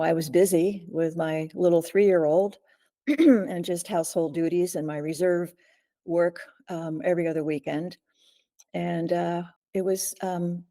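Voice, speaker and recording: Gravelly older woman, halting. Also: on the low side, mellow. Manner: halting and earnest, frequent throat clearing and pauses. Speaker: guest, survivor and author. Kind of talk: recounting a personal ordeal in an interview.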